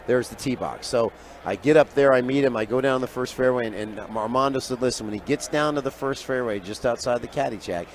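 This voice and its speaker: A man's voice: medium pitch, brisk, few pauses, a little hiss or hum. Man spinning a wild tale on radio. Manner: lively raconteur who acts out quoted voices, often trailing off quietly. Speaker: sports handicapper guest. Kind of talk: animated storytelling on sports radio. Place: live broadcast booth at a radio event.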